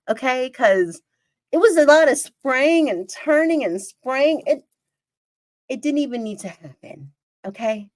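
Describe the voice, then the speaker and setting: A woman's voice: a little high, a little slow, no room sound. A woman hosting her own podcast, telling a story in a casual, chatty way with lots of exclamations. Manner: animated, chatty, exclaims and re-enacts scenes. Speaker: podcast host.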